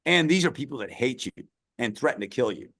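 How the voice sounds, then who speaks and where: A man's voice: medium pitch, lively intonation, fairly quick, fairly bright tone. A middle-aged man, a podcast guest, telling a long story in an earnest, emphatic way. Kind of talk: storytelling interview.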